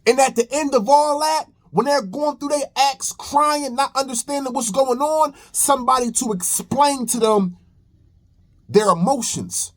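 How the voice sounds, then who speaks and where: A young man speaks slowly and deliberately in a high voice. He lectures in reaction-video commentary, emphatic and preachy, hammering points home by repetition. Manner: preachy, emphatic, repeats phrases. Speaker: commentary host.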